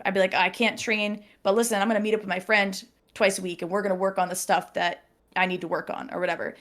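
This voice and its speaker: A young woman in casual chat, telling a personal story with lively acted-out quotes and frequent laughter. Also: medium pitch, fast talker. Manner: animated storyteller, acts out quotes, laughs often. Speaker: podcast guest.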